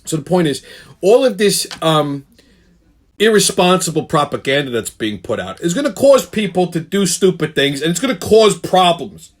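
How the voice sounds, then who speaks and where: A man's voice: high voice, very animated, moderate pace. Profane ranting male host. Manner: profane, blunt, heated storytelling. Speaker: show host. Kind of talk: ranting monologue.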